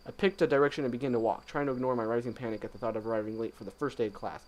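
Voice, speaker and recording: A man hosting a let's play, reading a visual novel aloud quietly with joking asides. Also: mid-range voice, quick pace, low-quality recording.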